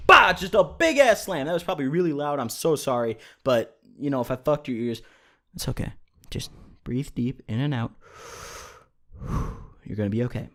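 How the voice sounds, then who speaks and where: Young man, vlogger, casual storytelling, profane, joking, slightly high-pitched. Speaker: YouTuber.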